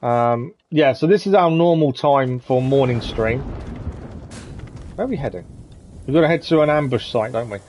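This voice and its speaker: A man's voice: medium pitch, normal speed, long pauses, a little mellow, a little hiss or hum. A man hosting a live gaming stream, chatting casually with viewers and commenting on the game. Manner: chatty, friendly, reads chat aloud, says "to be fair" often.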